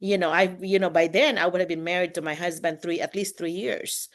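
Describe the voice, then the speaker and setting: A middle-aged woman from the Philippines, chatting casually and quickly on a video call as a teacher and host. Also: on the low side. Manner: talks fast when excited, lively, with laughs.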